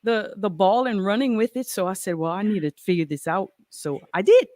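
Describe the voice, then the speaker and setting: A middle-aged woman with a Cajun French accent talks in an easygoing, humble way, pausing now and then to find her words. Her voice sits close and dry, with no room sound around it. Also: medium pitch, lively intonation, a little mellow, no echo. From Acadiana, South Louisiana. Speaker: podcast guest, metal fabricator. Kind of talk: casual interview chat.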